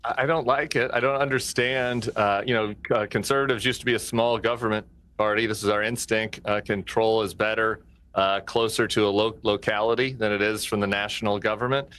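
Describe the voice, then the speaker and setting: A male political commentator with a lowish voice gives his view. He speaks in a halting way, with false starts and mid-sentence corrections. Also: steady tone, fairly bright tone, clean tone.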